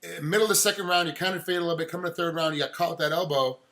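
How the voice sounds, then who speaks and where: Fast, bright-voiced male interviewer. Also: on the high side. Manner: animated, acts out quotes. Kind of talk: casual sports interview.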